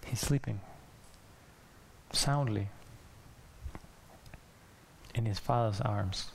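Gravelly-voiced man giving a casual sermon. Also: on the low side, drawn-out words. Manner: chatty, laughs often, acts out voices. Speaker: pastor. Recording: faint hiss.

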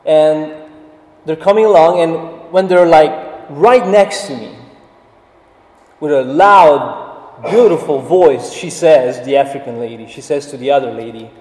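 A man preaching a sermon, telling a story slowly and deliberately, rising to emphatic swells. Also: on the high side, darkish tone. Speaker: pastor. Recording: echoey hall, voice from a distance.

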